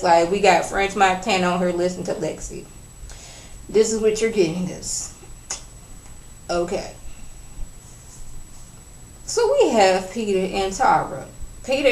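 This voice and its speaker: A sassy woman talks through a casual recap in an incredulous tone, with plenty of attitude. Her voice sits at an ordinary middle pitch. The room around her is echoey. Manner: sassy and incredulous, acting out the people she quotes. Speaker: reality TV recap vlogger.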